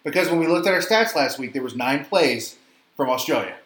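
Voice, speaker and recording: A man's voice: on the high side, lively intonation, a little fast, fairly bright tone, echoey room. A man co-hosting a casual podcast chat, joking around and trading banter. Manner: jokey, slips into silly put-on voices. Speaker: podcast co-host.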